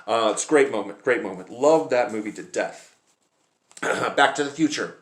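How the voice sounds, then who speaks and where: A man's voice: medium pitch, animated, moderate pace. A man chatting casually to camera about movies, rambling and hesitant with lots of filler sounds. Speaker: movie vlogger. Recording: roomy echoey room.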